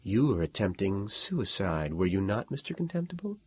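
A man voicing an intelligent, authoritative woman with a low, husky, soft voice, read for a storybook. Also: sing-song, moderate pace. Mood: knowing.

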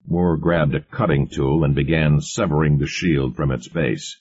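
A man reading a science fiction story aloud as narrator, in a steady storytelling manner. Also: very deep voice, normal speed, hardly any pauses, slightly rough. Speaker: audiobook narrator. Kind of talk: scripted narration. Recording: muffled lo-fi recording.

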